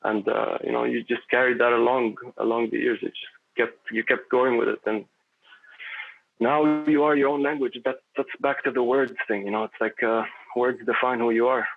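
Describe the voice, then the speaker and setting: A man's voice: mid-range voice, little pitch movement, moderate pace, creaky. A man chatting as a podcast guest, rambling and philosophical, with lots of fillers and restarts. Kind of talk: casual conversation. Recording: tinny phone-like line.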